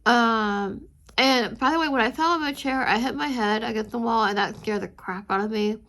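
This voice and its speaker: A woman chatting casually with viewers while she inks a drawing, rambling and chatty, with a high squeaky voice. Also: normal speed, fairly bright tone. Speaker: art channel host.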